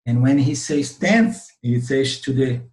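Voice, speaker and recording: A man's voice: mid-range voice, a little slow, a little mellow. A man whose first language is Portuguese, speaking with a Brazilian Portuguese accent, telling a teaching story in an online class and often checking in with "okay?". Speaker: Vedanta teacher. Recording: roomy webinar audio.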